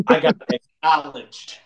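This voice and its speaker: A man co-hosting a podcast, chatting casually and telling profane, animated jokes. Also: a little high, slow, breathy edge, muffled recording. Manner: animated, profane joking storyteller. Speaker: podcast co-host.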